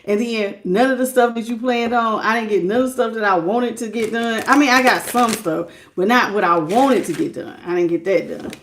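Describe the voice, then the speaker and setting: High-voiced chatty woman tarot reader. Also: a little fast, few pauses, a little hiss or hum. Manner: chatty, greets viewers by name, laughs often; casual, folksy talk. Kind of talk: live-stream tarot reading.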